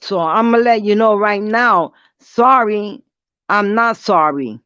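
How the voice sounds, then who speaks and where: A woman ranting bluntly to her viewers in a casual vlog, defiant and dropping quick apologies. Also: mid-range voice, a bit bright, clean tone, no room sound. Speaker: vlogger. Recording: dull lo-fi dry sound.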